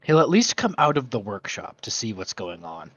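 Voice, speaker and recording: A man's voice: mid-range voice, very animated, normal speed, breathy edge, dry recording. A man playing a tabletop role-play game, describing his character's actions and voicing his questions in a quizzical way. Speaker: player. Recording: dull, dry lo-fi recording.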